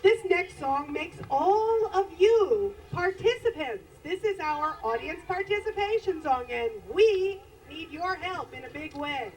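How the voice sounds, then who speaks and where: A woman's voice: very high-pitched, animated, unhurried, hardly any pauses. A woman in a band announcing a song and coaxing the audience to join in, in a theatrical emcee manner on an outdoor stage. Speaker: band member introducing songs. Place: outdoor lawn concert stage. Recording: distant live stage recording with faint noise.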